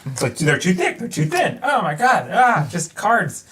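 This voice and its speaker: A man's voice: high voice, huge pitch swings, normal speed, a bit bright, a little hiss or hum. Wry joking man, distant mic. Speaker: co-host. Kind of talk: casual live-stream chat during a card game.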